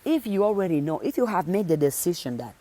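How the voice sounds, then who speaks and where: A woman's voice: lowish voice, sing-song, quick pace, mellow. A woman motivational speaker talking to her viewers, insistent and direct, driving points home by repeating phrases over and over. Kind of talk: motivational talk.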